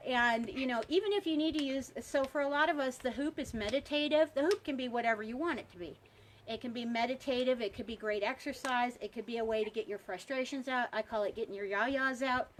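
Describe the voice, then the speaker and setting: A cheerful woman instructor talks students through hula hoop moves outdoors beside a pond. Her voice sits a touch high, and she chats in an encouraging way. A faint background hiss runs under her voice. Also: fairly quick. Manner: upbeat, chatty, encouraging. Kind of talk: live online workshop teaching.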